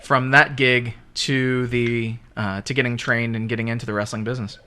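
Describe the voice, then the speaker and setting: A man hosting a podcast, asking a guest a halting casual question. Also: mid-range voice, steady tone, a crowd in the background. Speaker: podcast host.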